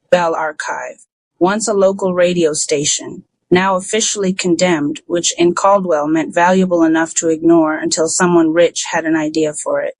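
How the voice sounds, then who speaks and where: An audiobook narrator who tells a first-person story in an even, unhurried way. The voice sits in a middle register and is recorded close and dry, with no trace of the room. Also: medium pitch, dry recording, poor audio.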